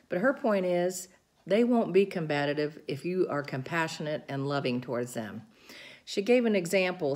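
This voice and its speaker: A woman's voice: deep voice, darkish tone. A middle-aged woman casually recounting a caregiving seminar, explaining things earnestly and describing hand gestures as she goes. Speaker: caregiver sharing seminar notes. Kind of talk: informal talk recounting a seminar.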